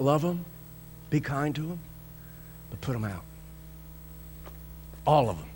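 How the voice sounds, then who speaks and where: A pastor preaching a sermon with emphatic delivery. He swings between loud, high bursts and soft, low lines, acts out the voices he quotes, and chuckles often. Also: sing-song, unhurried, long pauses, a little hiss or hum.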